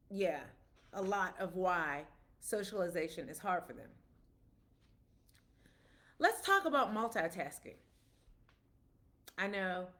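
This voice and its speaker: A woman's voice: medium pitch, a bit bright. Chatty woman explaining with everyday examples. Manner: conversational, storytelling with quoted dialogue. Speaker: parent speaking about autism. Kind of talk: casual explanatory talk.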